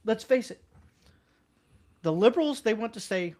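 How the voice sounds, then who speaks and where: High-voiced guy on a podcast, blunt and chatty, voice jumps up when quoting people. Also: normal speed. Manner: blunt, conversational, animated, pitch jumps up for quoted lines. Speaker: podcast co-host. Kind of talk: casual political podcast chat.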